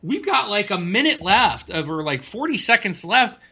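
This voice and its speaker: A man with a very bright, ringing voice, pitched a little above most men, chatting casually on a home desk mic. He tells gaming stories with lots of animation, jumping up in pitch as he acts out the yelling. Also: moderate pace, slightly rough. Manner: animated storyteller, voice rising high when retelling yelling. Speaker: podcast co-host. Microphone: desk mic, loosely mounted.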